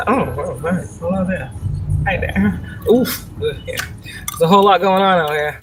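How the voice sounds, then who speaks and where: A woman's voice: fairly low pitch, unhurried, soft background music, low-quality recording. A woman chatting casually on a live stream while driving, profane and rambling, laughing often. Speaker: spiritual vlogger. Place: in a car, driving. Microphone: phone.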